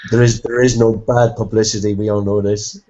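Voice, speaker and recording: A man's voice: lowish voice, little pitch movement, brisk, dark tone. Cheeky joking man on a call. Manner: joking, cheeky, says "listen". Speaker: caller joining a live stream. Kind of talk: casual banter. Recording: dull lo-fi call audio.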